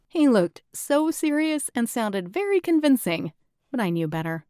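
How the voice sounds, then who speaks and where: A woman narrating a first-person audiobook in a steady, matter-of-fact way. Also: fairly high pitch, moderate pace, clear, resonant tone, no room sound, studio quality.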